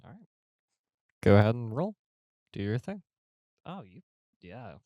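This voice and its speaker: A man's voice: medium pitch, big pitch swings, a little slow, mellow, no room sound, clean studio sound. A man narrating a tabletop game as game master, casual and rambling.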